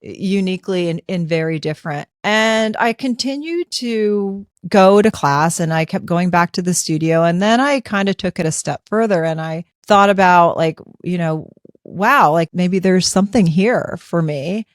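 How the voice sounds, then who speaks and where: A woman in her fifties tells a personal story as a podcast host. She talks in an animated, conversational way and acts out her own thoughts. Her voice sits slightly low, and the close mic gives a dry sound. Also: normal speed, few pauses, clean tone, no echo.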